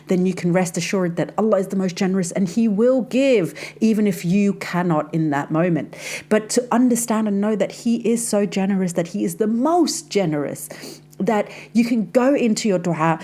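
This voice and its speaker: Medium in pitch with a dark tone, this woman hosts an easygoing faith podcast and works as a life coach. She speaks straight to her listener in a friendly, confiding, talkative way, calling her "sis" and saying "like" frequently.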